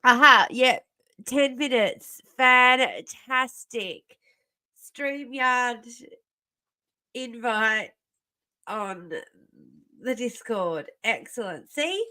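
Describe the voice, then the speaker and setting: A woman's voice: fairly high pitch, extremely slow, long pauses, bright, forceful tone. A woman in her thirties hosting a casual livestream from home, rambling and self-interrupting, often laughing to herself. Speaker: livestream host.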